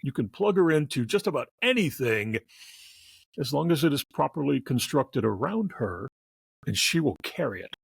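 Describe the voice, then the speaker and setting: Male film critic co-host, gravelly, lively delivery, casual review chat. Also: medium pitch, normal speed, no room sound. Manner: animated, laughing, acts out scenes.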